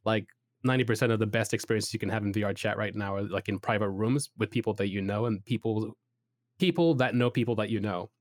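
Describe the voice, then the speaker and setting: A man's voice: lowish voice, steady tone, quick pace, no echo, studio quality. A man in casual chat who rambles with lots of "like" and "you know", enthusiastically giving advice as a podcast co-host.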